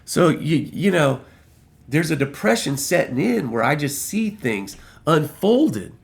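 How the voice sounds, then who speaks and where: A man's voice: fairly high pitch, very animated, a little slow, gravelly. An American man giving a heated, profane, rambling political rant to camera. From United States. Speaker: political vlogger.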